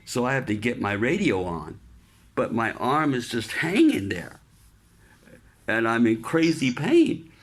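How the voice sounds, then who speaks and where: A man telling a casual story about his Navy days, loose and relaxed, dropping in swear words and "man". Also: mid-range voice, unhurried, breathy edge. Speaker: podcast storyteller, Navy veteran.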